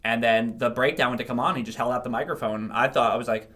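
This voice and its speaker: A band's vocalist with a New Jersey accent tells stories as a guest in casual podcast chat, laughing often and swearing freely. His mid-range voice is steady and fairly bright, and he talks quickly.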